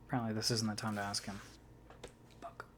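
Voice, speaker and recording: A man's voice: lowish voice, flat delivery, a little fast, a little hiss or hum. A man playing through a visual novel, reading its lines aloud with casual, swearing commentary. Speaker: let's player.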